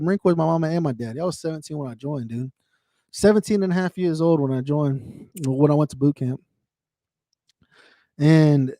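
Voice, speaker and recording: A man's voice: mid-range voice, mellow, dry recording, clean studio sound. A man talking candidly on his own livestream, swearing freely, repeating himself and speaking to viewers by name. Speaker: livestream host. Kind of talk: casual emotional chat.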